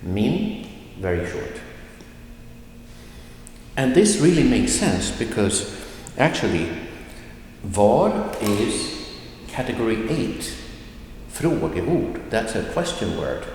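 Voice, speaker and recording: A male language teacher giving a lesson, saying example sentences slowly and then going through each word. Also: lowish voice, sing-song, darkish tone, a little hiss or hum. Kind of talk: slow explanatory lesson. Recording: echoey room with long reverb.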